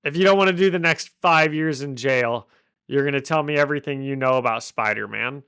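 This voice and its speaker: A man's voice: medium pitch, brisk, fairly bright tone, clear, resonant tone, dry recording, clean studio sound, close to an everyday voice. A man voicing a brusque, no-nonsense male police captain who talks curtly and impatiently. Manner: curt, impatient.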